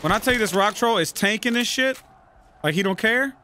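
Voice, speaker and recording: A man giving casual gameplay commentary, trash-talking enemies loudly with plenty of profanity. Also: high-pitched, animated, a little fast, clear, resonant tone. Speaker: gaming YouTuber.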